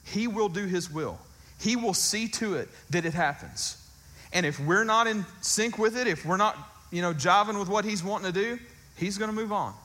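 A man's voice: high-pitched, fairly bright tone. A man preaching a casual, conversational sermon, reading scripture aloud with emphasis and talking about it.

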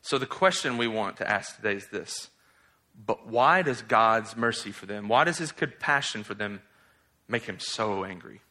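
A man preaching a sermon as pastor, reading scripture and acting out quotes with lively, mocking emphasis. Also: on the low side, normal speed. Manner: animated, mocks in exaggerated voices while quoting.

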